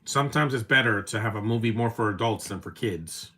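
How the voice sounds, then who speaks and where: A man's voice: on the low side, a little fast, pushed and bright. A man in his thirties giving casual, opinionated live commentary while watching a movie, rambling with restarts and fillers.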